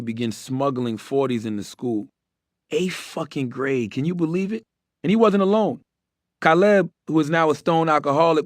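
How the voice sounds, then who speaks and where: A man's voice: mid-range voice, no echo, studio quality. A middle-aged man narrating his memoir in a candid, wry storytelling manner with blunt, profane asides.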